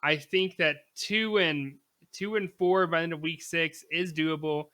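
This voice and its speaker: A young man co-hosting a casual sports podcast in a bright, forceful voice that sits a little high. He talks emphatically and with animation, laughing easily between his points. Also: fairly even intonation, measured pace. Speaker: podcast co-host.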